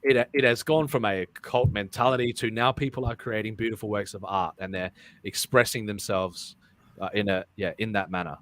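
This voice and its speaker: A low-voiced man hosts a casual live talk show. He rambles, restarts phrases and repeats words as he goes, laughing along the way. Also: steady tone, a little fast, fairly bright tone, a little hiss or hum. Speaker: podcast host. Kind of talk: casual live-stream chat.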